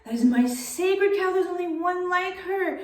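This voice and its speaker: A woman voicing a humble village man who pleads in a voice that jumps high and strains. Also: lively intonation, measured pace. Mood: distraught. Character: humble village man, distraught over his cow. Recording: roomy, distant mic.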